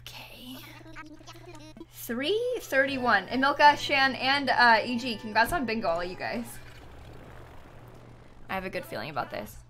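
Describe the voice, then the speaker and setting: Her voice sits on the high side and sounds animated, though she speaks a little slowly and pauses often. She's a young woman streaming a game, chatting casually and thanking viewers by name from chat, with music under her voice.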